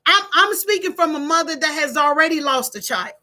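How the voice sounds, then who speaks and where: A woman's voice: sits high, animated, fairly quick, bright, forceful tone. A middle-aged woman, talking to her viewers like a preacher, emphatic and plain-spoken. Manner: preachy, emphatic, in Black American vernacular. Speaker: online talk host. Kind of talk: live-stream motivational talk.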